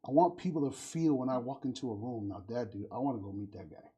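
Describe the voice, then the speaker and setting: Husky, mellow-voiced man telling stories. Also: mid-range voice, expressive, fast talker. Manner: warm storytelling, acts out quoted voices. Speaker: podcast host. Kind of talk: casual conversation.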